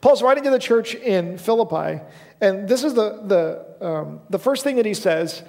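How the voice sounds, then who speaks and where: Gravelly young man preaching in a hall. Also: high-pitched, animated, normal speed, darkish tone. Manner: casual storytelling, self-deprecating, with frequent fillers. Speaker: pastor. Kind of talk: sermon. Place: church sanctuary.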